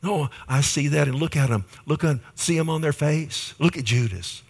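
A man preaching a sermon, telling stories vividly and calling out for amens, with sudden swings between loud and soft. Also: fairly high pitch, normal speed, vocal fry, husky. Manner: emphatic preaching, asking the congregation "Amen?". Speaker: pastor.

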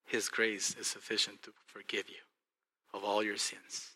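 Texan pastor guy preaching, really bright sharp voice, goes quiet and earnest then loud and fired up. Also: on the low side, normal speed. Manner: impassioned, swings from hushed to loud and excited. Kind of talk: sermon.

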